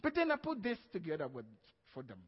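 Pastor, male, high voice, emphatic sermon delivery, dull recording with long hall reverb. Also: huge pitch swings, quick pace. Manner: preaching with emphatic stresses and frequent "Amen?".

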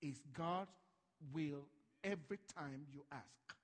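A male pastor preaching a sermon, swinging from hushed lines to loud ones and acting out voices from Bible stories. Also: a little high, slow, big-room sound.

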